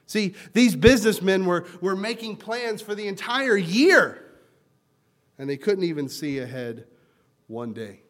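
A man's voice: high-pitched, expressive, a little slow, a bit bright. A man in his thirties giving a conversational sermon, joking and chatty as he mixes anecdotes with scripture readings. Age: 30s. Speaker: preacher.

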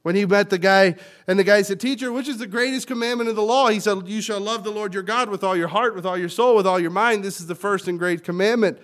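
A male pastor preaching a sermon, swinging from loud emphatic lines to quiet ones as he explains and quotes scripture. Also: high voice, fast talker, hardly any pauses. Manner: teaching word meanings and quoting scripture.

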